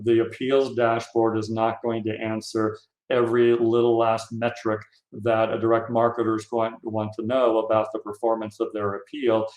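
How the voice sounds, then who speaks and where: A man, a consultant, giving an instructive conference session presentation with emphatic stress on key points. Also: fairly low pitch. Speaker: fundraising software consultant. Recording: echoey conference room.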